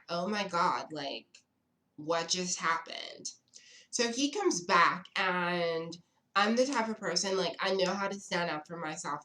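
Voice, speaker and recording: A young woman from South Africa with a fairly low voice, recounting a story to camera. She talks in a chatty, sassy and dramatic way. The room around her rings with echo. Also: a bit bright. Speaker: vlogger. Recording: echoey room.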